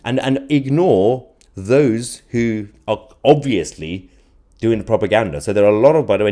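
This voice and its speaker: Give me a low-pitched man riffing sarcastically through a live chat. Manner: animated, sarcastic, laughs often, restarts. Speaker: host of a live political stream. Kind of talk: live stream commentary reading chat.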